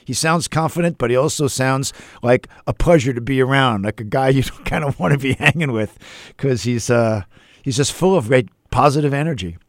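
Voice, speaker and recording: A man hosting a music show, talking casually and with enthusiasm, now and then pausing on an "uh" or "um". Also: mid-range voice, no room sound, studio quality. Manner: enthusiastic, chatty, with fillers. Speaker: host. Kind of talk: casual radio talk about music.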